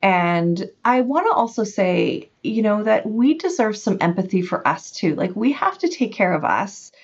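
A woman talks earnestly and openly about raising her child, in an unhurried conversational way. Her voice sits at an ordinary middle pitch. The recording is somewhat dull and lo-fi. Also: sing-song. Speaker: parent guest on a parenting podcast. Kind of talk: candid conversational chat.

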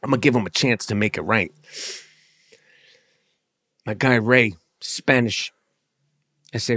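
A man's voice: on the low side, a little slow, pauses often, a bit bright, no room sound, clean studio sound. A middle-aged man telling a comic story in a brash, boastful, rambling way, swearing heavily.

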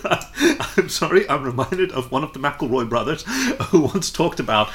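A man's voice: mid-range voice, expressive, normal speed, a bit bright. A man reading fan fiction aloud with a co-reader, breaking off often to chat and laugh. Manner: chatty, laughs often, comments between passages. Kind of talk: casual read-aloud with chat.

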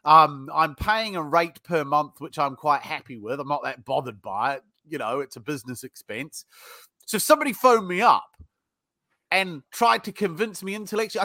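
A British man with a high, bright voice, talking bluntly and swearing freely as he tells sales stories in a casual interview. The sound is close and dry, with no room around it. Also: normal speed, no room sound. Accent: British English. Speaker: sales trainer guest.

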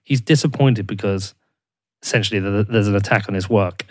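A man's voice: fairly low pitch, brisk, dry recording. Podcast host, man, heated and profane, dry close recording. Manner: passionate ranting, heavy swearing. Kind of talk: casual conversational interview.

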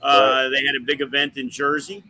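Bright-voiced man telling casual stories. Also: medium pitch, level tone, moderate pace, low-quality recording. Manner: profane, rambling, uses lots of fillers. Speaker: wrestling promoter. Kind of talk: casual podcast storytelling.

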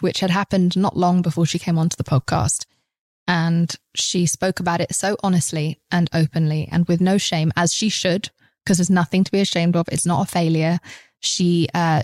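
A woman's voice: on the low side, darkish tone, dry recording, clean studio sound. A woman hosting a podcast who speaks frankly and passionately, swearing freely in a casual monologue. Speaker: podcast host.

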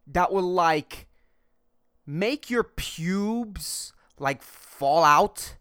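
A man's voice: high voice, lively intonation, extremely slow, pauses often, a bit bright, clean tone. A man hosting his own podcast, talking alone in a rambling, profane comic rant. He gets worked up, laughs at his own jokes and restarts his sentences often. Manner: exasperated, agitated. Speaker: podcast host. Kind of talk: solo comedic rant.

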